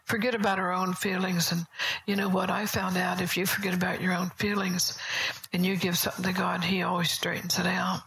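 A woman preaching a sermon at a church service, telling stories in a conversational way, often soft and whispery. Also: lowish voice, little pitch movement, a little fast, poor audio.

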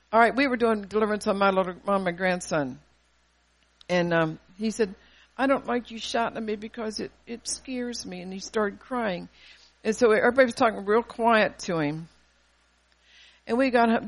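An older preacher gives a sermon at a mid-range pitch, emphatic and insistent. The delivery mixes scripture readings with pointed rhetorical questions to the listeners.

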